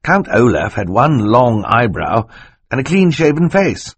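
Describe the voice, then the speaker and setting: A man's voice: medium pitch, big pitch swings, measured pace, slightly rough, no echo, voice pushed up, full character voice. A man reading an audiobook voices a fussy, well-meaning middle-aged banker who talks in a polite, flustered way.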